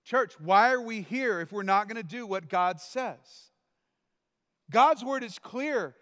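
A man delivering a sermon from the pulpit with a high-pitched voice. He moves between calm teaching and sudden shouted outbursts. The sound rings out with the long reverb of a church hall. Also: slow pace. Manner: dynamic preaching, shouting quoted lines. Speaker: pastor.

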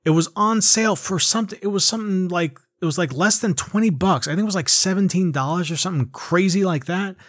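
A man's voice: high-pitched, fast, few pauses, a bit bright, no room sound, clean studio sound. A man ranting casually about video games, rambling and swearing with lots of fillers. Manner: rambling, profane, frequent fillers and restarts. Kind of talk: casual rant.

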